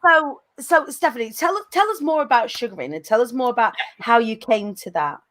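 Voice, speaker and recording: A woman's voice: on the high side, lively intonation, brisk, fairly bright tone, slight background noise. Chatty northern English woman host. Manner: chatty, thinks aloud with restarts. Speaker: podcast host. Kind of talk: casual interview chat.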